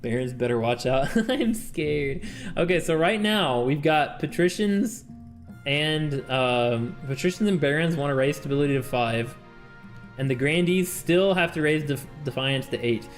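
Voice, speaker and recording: A man streams a game with his chat, keeping the talk casual, laughing often and reading the game's text aloud. His voice is slightly high and animated at a measured pace, with soft music playing in the background.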